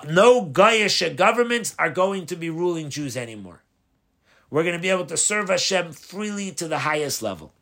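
A rabbi giving a spoken Torah lesson, explaining step by step, posing questions and answering them, often restarting and rephrasing mid-sentence. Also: male voice, on the high side, bright, forceful tone. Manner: explanatory, asks and answers his own questions. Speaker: rabbi teaching a Torah class.

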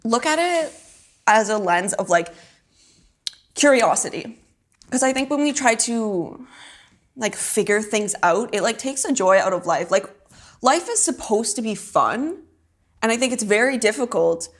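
A woman's voice: fairly high pitch, expressive, measured pace, pauses often. A young woman in casual conversation, laughing often, saying "like" constantly and swearing offhandedly. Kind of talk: casual chat.

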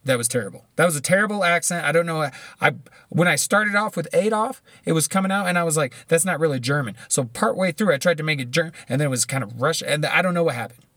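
Blunt, swearing male commentator, slightly high voice, rambling delivery, dead-dry close sound. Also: quick pace, bright, forceful tone, dry recording. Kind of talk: profane casual commentary.

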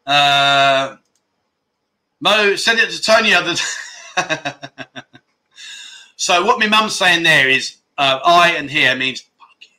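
A man from London, living in Thailand, hosts a casual livestream chat show and reads out viewer comments in a London accent. He's chatty and jokey, rambling with restarts and laughs, and his fairly high, animated voice is bright and forceful but slow, with long pauses.

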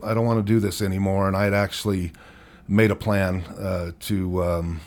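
A middle-aged man speaks in a deep, low register. He is an interview guest telling a hard personal story frankly. He pauses and restarts often and lets out wry chuckles. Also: little pitch movement, a little mellow. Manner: frank, halting, chuckles wryly through hard memories.

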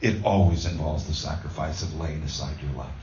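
A man's voice: very deep voice, a little fast, dark tone, slight background noise. A man preaching a conversational sermon, telling a homey story with many ums and restarts. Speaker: pastor. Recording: roomy distant dull sound.

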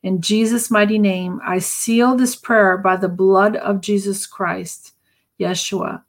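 Woman reading a slow solemn prayer. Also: medium pitch, fairly even intonation. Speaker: co-host. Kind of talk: reading a deliverance prayer aloud.

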